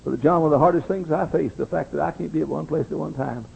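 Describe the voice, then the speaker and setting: A male pastor preaching a fervent sermon, swinging between hushed, intimate passages and ringing calls. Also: on the high side, quick pace, creaky, husky, muffled recording.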